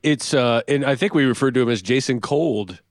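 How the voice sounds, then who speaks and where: A man's voice: mid-range voice, normal speed, dry recording. A man co-hosting a casual podcast in a studio, often breaking into laughter while he talks. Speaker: podcast co-host. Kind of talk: casual comedy podcast chat.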